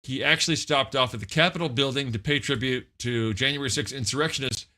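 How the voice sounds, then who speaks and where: A man co-hosting a live comedy fake-news segment, reading the stories deadpan and dropping crude asides. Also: mid-range voice, quick pace. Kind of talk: mock newscast banter.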